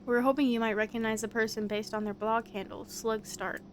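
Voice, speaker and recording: A woman's voice: a little high, flat delivery, brisk, a little hiss or hum, lightly acted. Earnest inquisitive game sleuth, voiced by a woman. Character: polite young investigator searching for someone. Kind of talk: voice-acting a visual novel.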